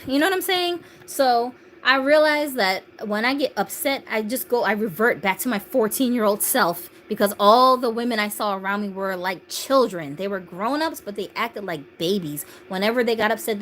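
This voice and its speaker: A woman's voice: mid-range voice, normal speed, few pauses, fairly bright tone, slight background noise. A woman in her thirties hosting a doll channel, chatting casually on a phone livestream, laughing often and reading viewer comments aloud. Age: 30s.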